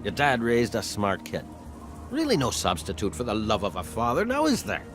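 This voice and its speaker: An actor with an Irish accent playing a sly, scheming male saloon owner in a video game, talking in a smooth, sardonic, wheedling way. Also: medium pitch, wildly swooping pitch, normal speed. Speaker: game character. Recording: game audio with music underneath.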